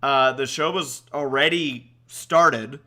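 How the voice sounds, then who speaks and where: Bright rambling man on a podcast. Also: mid-range voice, takes it slowly. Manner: rambling anecdote with restarts. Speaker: podcast host. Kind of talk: casual chat.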